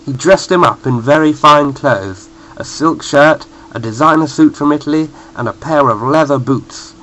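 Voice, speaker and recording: A man reading a children's bedtime story in a playful, expressive way. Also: on the high side, normal speed, a little hiss or hum, poor audio.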